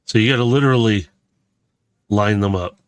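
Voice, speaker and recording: Putting together a Lego set on camera, a man from Missouri, USA, keeps up a chatty, slightly rambling commentary packed with fillers and self-corrections. His lowish voice is clear and resonant, at a moderate pace, with no room sound.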